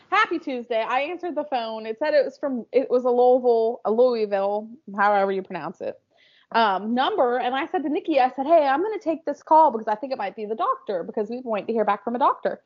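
A woman's voice: high voice, lively intonation, brisk, highs cut off. A woman co-hosting a podcast in casual chat, talking freely and laughing often. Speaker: podcast co-host.

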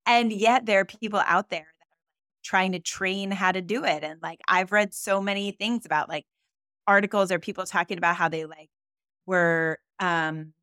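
A woman's voice: medium pitch, fairly even intonation, normal speed, sharp tone, clear, resonant tone, dry recording. A woman co-hosting a podcast, chatting candidly and animatedly with lots of fillers, close to the mic. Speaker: podcast co-host. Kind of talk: casual chat.

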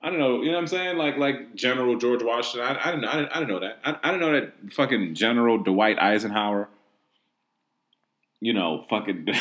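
A man hosting a solo sports podcast, rambling and mocking in a casual, profane way, full of "like" and "um". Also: fairly low pitch. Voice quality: profane, rambling, heavy use of "like" and "um". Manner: animated, mocking, incredulous. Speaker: podcast host.

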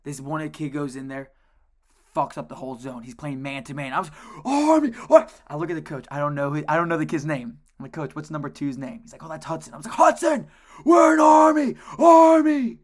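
A man co-hosting a casual podcast, telling coaching stories in an animated way and swearing a lot. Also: a little high, fast. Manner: animated storytelling, heavy swearing. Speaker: co-host, youth lacrosse coach.

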